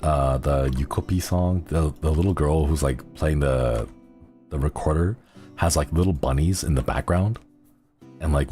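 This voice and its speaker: A young man with a very deep voice chatting casually on a livestream, rambling and giggling as he jumps between thoughts. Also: warm tone. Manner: rambling, giggly, easily sidetracked. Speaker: streamer.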